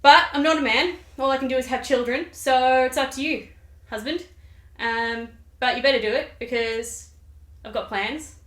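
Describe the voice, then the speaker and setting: A scheming, bossy noblewoman pushes her husband along in pushy, casual slang, her voice sitting a bit high, as a woman puts her on. The room gives it a noticeable echo. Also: normal speed, a bit bright.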